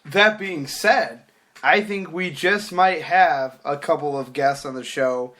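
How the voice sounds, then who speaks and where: A man's voice: a little high, slow, fairly bright tone. A young man co-hosting a casual podcast, agreeable and easygoing, laughing along. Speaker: podcast co-host.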